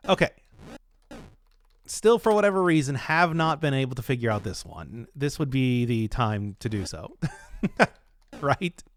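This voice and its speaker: A man commenting on a puzzle game as he plays, thinking aloud and hesitating, with sudden bursts of excitement. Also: mid-range voice. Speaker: let's play host. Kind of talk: let's play commentary.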